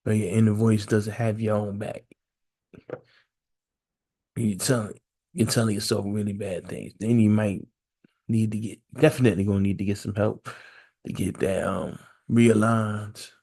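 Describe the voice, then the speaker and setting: Gravelly laid-back podcast host. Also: male voice, on the low side, fairly even intonation, moderate pace, pauses often, mellow. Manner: rhetorical questions, repetitive, conversational. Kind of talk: casual solo podcast monologue.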